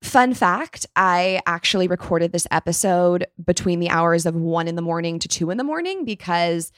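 A woman hosting a podcast, bubbly and excitable, chatting casually and a little tired from a late night. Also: fairly low pitch, normal speed, no echo, clean studio sound. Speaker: podcast host.

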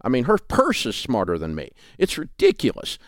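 A man's voice: lowish voice, huge pitch swings, brisk, fairly bright tone, dry recording, clean studio sound. A middle-aged man with a Southern accent, speaking as a guest in a podcast interview in a folksy, emphatic storytelling way. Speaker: guest, finance radio host.

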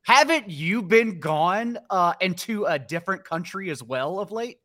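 A man hosts a podcast with a Texas accent, sounding bright and a little high for a man. He chats casually and teases his guest in a playful way. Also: expressive, a little slow. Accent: Texan. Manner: playful, teasing. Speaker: podcast host. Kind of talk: casual chat.

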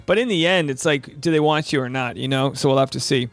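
A man's voice: mid-range voice, fast talker, no room sound. A man hosting a casual podcast, chatty and joking with many fillers. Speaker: podcast host. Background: faint Celtic music.

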